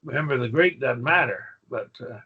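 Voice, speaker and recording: A man's voice: mid-range voice, expressive, normal speed, breathy edge, dull audio. A man teaching a Greek grammar class, patiently quizzing his students with questions. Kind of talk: classroom lesson.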